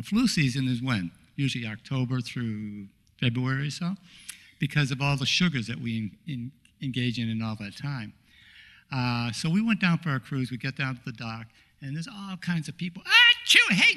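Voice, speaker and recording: A middle-aged man telling a humorous personal story during a church talk, easygoing and anecdotal, with frequent pauses to say uh. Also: mid-range voice, animated. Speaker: guest speaker at a congregation.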